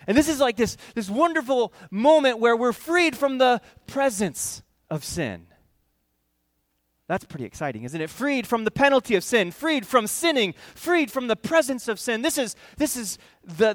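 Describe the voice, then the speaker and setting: A man preaching a sermon in an animated, conversational way, with quick asides to the congregation. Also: sits high, no room sound. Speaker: pastor.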